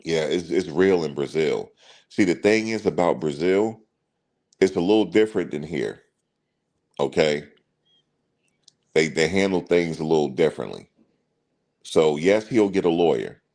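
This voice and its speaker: Low-voiced male host, casual commentary, chatty and repetitive. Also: expressive, measured pace, pauses often, darkish tone. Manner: chatty storyteller, addresses viewers directly, repeats himself.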